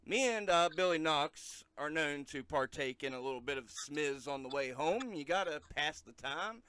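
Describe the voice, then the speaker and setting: A man hosting a podcast, chatting casually and telling a story with animated energy. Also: a little high, moderate pace, clean tone. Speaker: podcast host.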